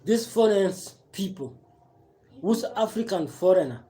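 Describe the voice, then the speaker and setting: A man's voice: sits high, animated, measured pace, dark tone, a little hiss or hum. A man with a Kenyan accent giving impassioned, repetitive political commentary on a live stream, mixing broken English with Swahili.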